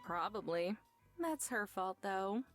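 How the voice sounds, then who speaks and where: A woman voicing a practical young female treasure hunter in a visual novel, brisk and matter-of-fact. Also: mid-range voice, expressive, faint music behind.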